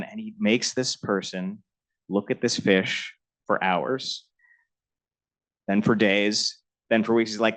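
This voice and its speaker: A man's voice: lowish voice, fairly even intonation, measured pace, a bit bright, poor audio. A middle-aged man on a lecture panel telling a personal anecdote about his mentor, laughing often and growing emotional as he talks.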